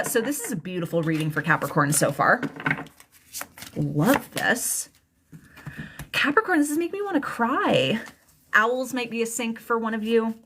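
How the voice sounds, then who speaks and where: A woman's voice: fairly low pitch, fairly bright tone, slight background noise. A young adult woman giving a live tarot reading, chatty and emotional, rambling with lots of fillers and restarts. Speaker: tarot reader.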